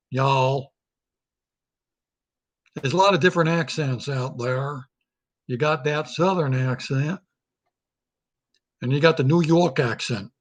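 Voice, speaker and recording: Comedian guy musing folksy, lotta rhetorical questions, kinda high voice. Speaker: comedian hosting a weekly talk segment. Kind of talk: casual comedic monologue.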